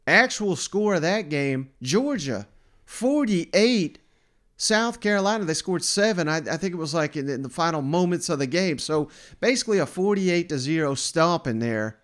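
Man, podcast co-host, self-mocking, casual sports chat, a bit high-pitched. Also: moderate pace. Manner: self-deprecating, animated storyteller.

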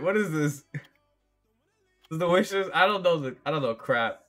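A man's voice: a little high, expressive, unhurried, pauses often, fairly bright tone, faint music behind. Profane rambling young male streamer. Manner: profane, rambling, laughs often, fillers like "like". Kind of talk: casual live game stream chat.

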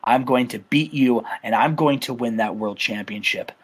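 A man's voice: natural voice, poor audio. A man voicing a resentful male wrestler who stumbles over his words. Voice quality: low, halting, stumbling.

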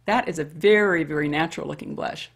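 Husky-voiced woman over fifty. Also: sits low, fairly quick. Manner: chatty, talks straight to women viewers. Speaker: beauty vlogger. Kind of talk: casual makeup tutorial chat.

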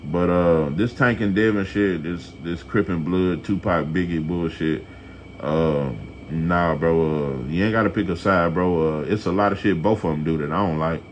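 Low-voiced man, blunt rambling rant, faint hiss behind. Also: moderate pace. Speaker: boxing commentator. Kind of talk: casual opinion rant to camera.

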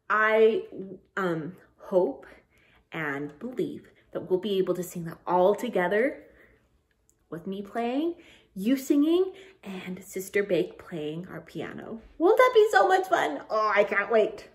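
A young woman leading children's singing time, speaking gently and encouragingly between songs. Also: medium pitch, sing-song, slow. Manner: gentle, encouraging, sings along. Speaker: children's music leader.

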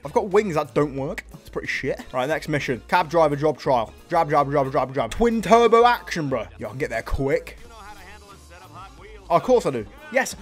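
A young man doing loud, jokey let's-play commentary, excitable and full of swearing and banter. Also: fairly high pitch. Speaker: gaming YouTuber.

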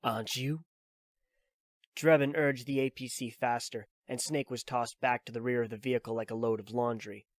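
Audiobook narrator, male, mid-pitched voice, steady plain delivery, dry close mic. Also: fairly quick, few pauses, dry recording. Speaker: audiobook reader. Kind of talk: reading a novel aloud.

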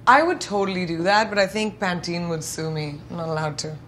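A woman in her thirties from India, giving playful, chatty quick-fire answers in an interview at home. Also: on the low side, fairly bright tone, a little hiss or hum. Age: 30s. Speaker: celebrity guest. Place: indoors at home.

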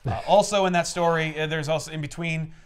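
A man's voice: on the high side, fairly even intonation, fast, smooth. A man hosting a podcast, casually retelling a story in a rambling way, full of fillers and swearing. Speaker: podcast host. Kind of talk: casual chat.

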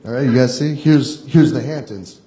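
A man's voice: mid-range voice, moderate pace. A young man from Long Island doing a profane, self-deprecating stand-up set on a comedy club stage, laughing between jokes. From Long Island, New York. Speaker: stand-up comic. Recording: roomy club with loud crowd laughter. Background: audience laughter.

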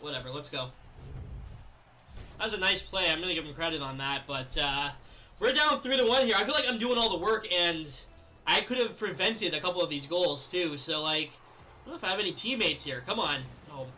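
A young man giving live commentary over his own gameplay, chatting casually and then yelling and laughing at big plays. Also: high-pitched, fairly quick, slight background noise. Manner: excitable, yells and laughs at plays. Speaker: gaming video creator.

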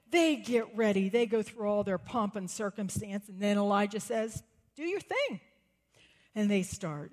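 Woman preaching in a reverberant church. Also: medium pitch. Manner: storytelling, acting out quotes with rising excitement. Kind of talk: sermon. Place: church sanctuary. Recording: long reverb of a church hall.

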